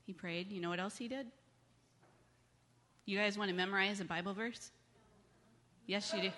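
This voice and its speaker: A woman giving a children's message in church, speaking gently and coaxing the kids with questions. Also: mid-range voice, steady tone, normal speed, a faint crowd, slight background noise. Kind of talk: children's sermon. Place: church sanctuary. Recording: long church reverb.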